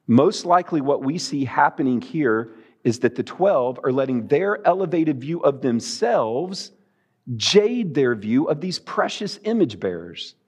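A man's voice: medium pitch, sing-song, unhurried, a little mellow, slightly rough. A man preaching a sermon as pastor, emphatic and earnest, stressing key words. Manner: emphatic, rising and falling for emphasis.

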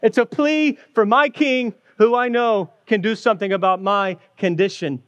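A man's voice: high voice, steady tone, moderate pace, clear, resonant tone, dry recording, dull audio, close to an everyday voice. A man voicing a desperate blind beggar pleading. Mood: insistent. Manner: pleading, insistent.

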